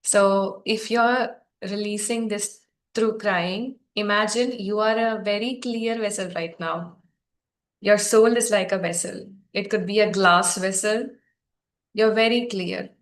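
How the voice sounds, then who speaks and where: A woman facilitating a guided healing session, speaking softly, gently and encouragingly to her group. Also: medium pitch, fairly even intonation, measured pace.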